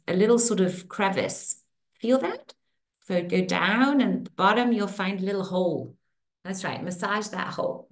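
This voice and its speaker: A middle-aged woman with a medium-pitched voice runs guided tapping and affirmations for a women's circle she facilitates. Slow, lively, and rising and falling, she repeats soothing lines at a steady rhythm, and the room has a noticeable echo.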